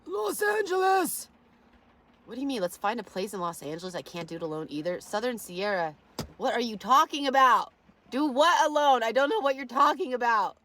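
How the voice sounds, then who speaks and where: Rambling, profane high-voiced woman. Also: lively intonation, moderate pace, fairly bright tone. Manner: rambling, profane, laughs often. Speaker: livestreamer. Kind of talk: rambling livestream chat.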